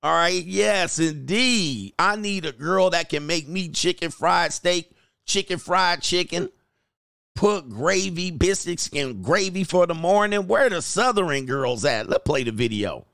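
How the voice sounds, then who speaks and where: This is a man running his own stream and reacting out loud to videos as they play. His voice sits a little high and swings widely in pitch as he rants, jokes and breaks into laughter. The sound is dry and close, with no room echo. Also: lively intonation, vocal fry. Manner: slangy, ranting, quick to laugh. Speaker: livestream host. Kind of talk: casual reaction commentary.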